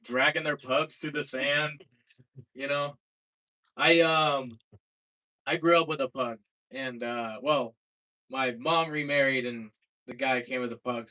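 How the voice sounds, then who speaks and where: Halting young man doing stand-up. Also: a little high. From Seattle. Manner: deadpan, halting, many filler words. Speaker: stand-up comedian. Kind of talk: stand-up set at an open mic. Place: small comedy club room.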